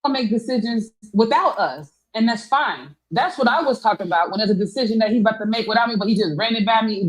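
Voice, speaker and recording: A woman's voice: on the high side, lively intonation, fast talker, hardly any pauses, rough recording. A woman on a podcast panel, giving direct advice in casual debate.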